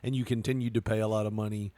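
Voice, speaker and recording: A man's voice: lowish voice, level tone, racing, warm tone, no room sound. A man co-hosting a podcast in casual chat, telling stories animatedly and laughing often. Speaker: podcast co-host.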